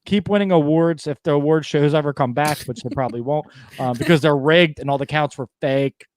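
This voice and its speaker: A man hosts a podcast in a casual, joking way, slipping into voices as he tells stories and swearing freely. His voice sits a little high. The sound is close and dry. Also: brisk, no echo. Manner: swearing, laughing storyteller, animated impressions. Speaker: podcast host.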